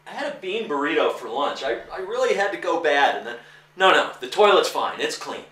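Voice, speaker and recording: A man's voice: a little high, big pitch swings, brisk, pushed and bright. Man playing a nervous, embarrassed young guy. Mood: sheepish. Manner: nervous, stammering. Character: sheepish awkward young man, embarrassed and evasive. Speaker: stage actor. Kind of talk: live comedy stage acting. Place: small theater stage. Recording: echoey theater, voice from far off.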